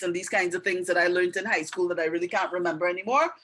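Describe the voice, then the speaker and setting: A woman's voice: on the low side, steady tone, fast talker, hardly any pauses, fairly bright tone, slight background noise, low-quality recording. A middle-aged woman giving a patient step-by-step art and writing lesson, often checking in with the viewer. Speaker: art and language tutor.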